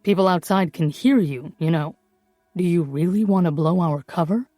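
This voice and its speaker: A woman voicing a brisk, clever male forger who talks down to people in a dry, condescending way. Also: fairly low pitch, dark tone, no echo, natural voice.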